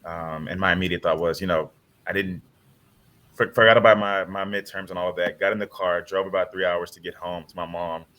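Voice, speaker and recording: A man's voice: deep voice, steady tone, brisk, fairly bright tone. A man on a panel telling a personal story in an earnest, heartfelt way over a video call. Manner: earnest, heartfelt retelling with quoted dialogue.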